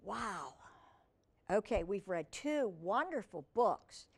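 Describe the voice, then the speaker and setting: A woman reading picture books to children, gentle and teacherly, often asking the listener questions. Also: medium pitch, sing-song, takes it slowly, husky. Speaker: children's storyteller.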